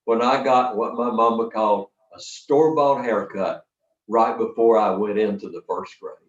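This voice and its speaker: An older man leading a storytelling workshop, talking to a live audience in a folksy, lively way with dramatic pauses. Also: fairly low pitch. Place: workshop hall. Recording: roomy, distant, dull sound from the back of a hall.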